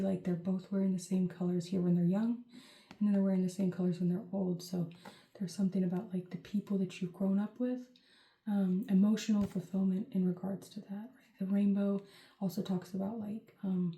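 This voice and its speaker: Chatty woman reading tarot, mellow voice. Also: medium pitch, flat delivery, moderate pace. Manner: rambling, chatty, full of "like" and "um". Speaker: tarot reader. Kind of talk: casual tarot reading to camera. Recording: roomy echo.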